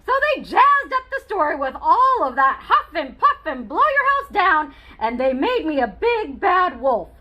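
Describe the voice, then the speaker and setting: A woman's voice: high-pitched, big pitch swings, measured pace, hardly any pauses, lo-fi sound. A woman reading a children's book aloud as a chatty, wry male wolf telling his side of the story.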